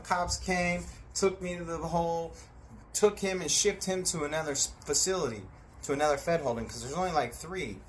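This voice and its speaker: A man telling a story in a casual, animated way, acting out voices and sound effects and swearing freely. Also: fairly high pitch, moderate pace, a little hiss or hum.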